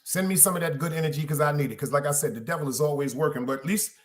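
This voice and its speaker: A man's voice: fairly high pitch, very fast. A middle-aged man, hosting a podcast in loose, streetwise solo chat, repeating phrases for emphasis. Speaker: podcast host. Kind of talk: casual solo livestream chat.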